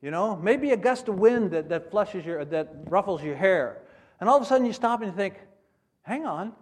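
Middle-aged male missionary preacher; high, lively delivery with acted-out prayers and loud exclaims. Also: a little fast. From United States. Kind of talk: sermon.

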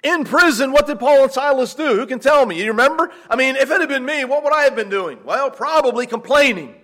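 American preacher guy, high voice, bit of south african english creeping into his accent, chatty sermon that gets fired up, keeps asking the folks questions. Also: a little fast. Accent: American, slightly mixed with South African English. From Pennsylvania, USA. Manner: conversational, rising to animated emphasis, asks the congregation questions. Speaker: missionary preacher.

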